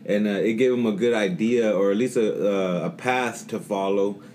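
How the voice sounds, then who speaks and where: Rambling, low-voiced male co-host. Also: steady tone, moderate pace, a little mellow, a little hiss or hum. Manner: rambling, many fillers and restarts. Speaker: podcast co-host. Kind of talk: casual podcast chat.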